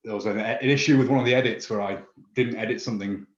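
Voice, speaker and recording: A man's voice: lowish voice, steady tone, fast talker. A man talking eagerly as an author guest, rambling with lots of fillers. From England. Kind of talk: casual conversation. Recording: roomy, dull-sounding call audio.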